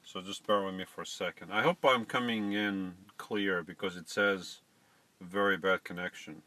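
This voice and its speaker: A man's voice: sits low, steady tone, moderate pace, sharp tone, no room sound. Chatty man fumbling through a live stream. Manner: fumbling with settings, chatty asides to viewers. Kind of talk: casual live stream chat.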